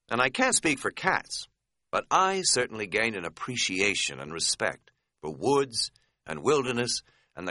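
A man giving a wry, measured first-person audiobook narration. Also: mid-range voice, pushed and bright, no echo, studio quality.

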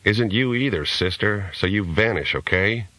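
A man's voice: fairly low pitch, animated, normal speed, sharp tone, dry recording, low-quality recording. A man voicing a bitter, sardonic young hustler in an audiobook.

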